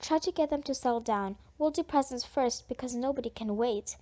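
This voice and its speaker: A woman playing a brisk, busy party mom. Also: sits high, mellow, close to an everyday voice. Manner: brisk and directing. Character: busy friendly young mother hosting a party. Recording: dull lo-fi audiobook recording.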